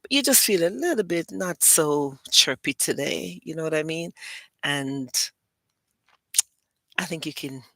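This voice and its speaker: A woman hosts her own show in an easygoing, rambling chat, drawing out her words at an unhurried pace. Her voice is bright and forward, and the recording is dry with almost no room sound. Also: low voice, expressive, creaky, no room sound. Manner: chatty, rambling, playful. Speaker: host and publisher. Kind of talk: casual livestream talk.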